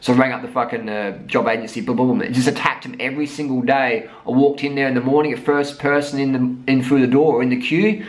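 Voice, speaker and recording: A man's voice: medium pitch, steady tone, fast, hardly any pauses, low-quality recording. An Australian man in his thirties, talking to camera in a blunt, profane, emphatic motivational rant mixed with storytelling. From South Australia. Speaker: vlogger.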